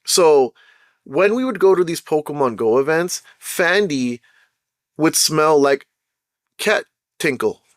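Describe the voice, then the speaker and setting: A man tells a story from his own life in a relaxed, streetwise way, dropping "bro" and "right?" all through it. His voice sits a little high and bounces around with lots of expression. He is recorded close and dry, with no room sound around him. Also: takes it slowly, pauses often, no room sound. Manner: slangy and animated, keeps saying "bro" and "right?". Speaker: podcast host telling a personal story. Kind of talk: casual storytelling monologue.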